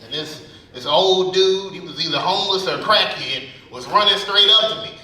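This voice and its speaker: A male stand-up comic rambles through profane stories. His voice sits high and bright. The sound booms around an echoey venue from a distance. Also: normal speed. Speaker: stand-up comedian. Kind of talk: stand-up comedy set. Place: speakeasy venue. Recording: echoey room, mic at a distance.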